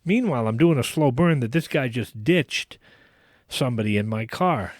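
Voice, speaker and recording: A man hosting a podcast, casually telling a long anecdote in an animated way, with frequent restarts. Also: medium pitch, moderate pace, no room sound, studio quality. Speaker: podcast host. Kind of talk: casual storytelling.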